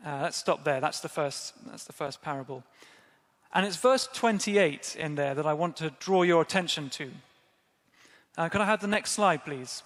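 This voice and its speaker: A man's voice: on the high side, lively intonation, normal speed, a bit bright, big-room sound. A man preaching a sermon at a church service, conversational and self-deprecating, talking directly to his congregation.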